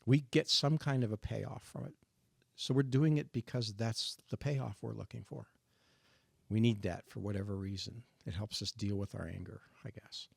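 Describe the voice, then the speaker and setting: An older man in his sixties shares his personal testimony in a faith discussion, earnest and reflective, halting now and then to restart a thought. His low voice carries a gravelly edge. The recording is dry and close, with little room sound. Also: fairly even intonation, no room sound. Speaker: guest sharing his testimony.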